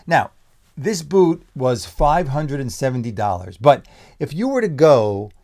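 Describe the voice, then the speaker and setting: A middle-aged man who owns a menswear shop, unboxing products in an excited, exclaiming, rambling vlog. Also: medium pitch. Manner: enthusiastic, exclaiming, loosely rambling.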